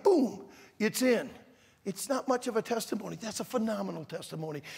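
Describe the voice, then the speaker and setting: Older male preacher with a gravelly, husky voice. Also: high-pitched. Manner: emphatic, shouting the key words. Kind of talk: sermon. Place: large auditorium at a youth conference. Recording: long reverb in a large hall.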